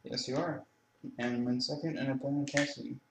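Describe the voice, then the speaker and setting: A man's voice: mid-range voice, fairly even intonation, a little fast, gravelly, slight background noise. A man hosting a casual let's-play, chatty and laughing often, recorded indoors on a webcam microphone. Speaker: gaming channel host. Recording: roomy webcam mic audio.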